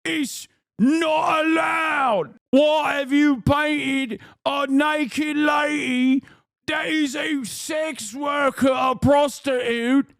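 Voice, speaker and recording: A man voicing an outraged, pompous medieval man in a put-on British accent, shouting slowly in drawn-out indignation. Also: very high-pitched, fairly even intonation, vocal fry, no echo, studio quality, pitched above the performer's own voice, full character voice.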